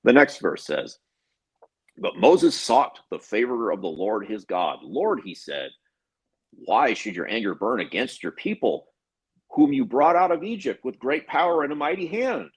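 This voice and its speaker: A man co-hosting a podcast in casual discussion, reading scripture aloud and mocking it with sarcastic, animated remarks. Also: mid-range voice, a little slow, breathy edge, low-quality recording. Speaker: podcast co-host.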